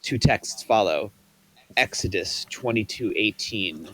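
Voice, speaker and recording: A man's voice: medium pitch, animated, a little slow, fairly bright tone. Man reading stage directions. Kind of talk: table read narration.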